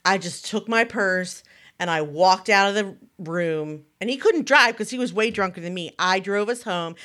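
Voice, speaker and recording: A woman in her early forties, co-hosting a casual chat and telling stories animatedly while acting out what people said. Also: mid-range voice. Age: 40s. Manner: animated storyteller who acts out quotes. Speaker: podcast co-host.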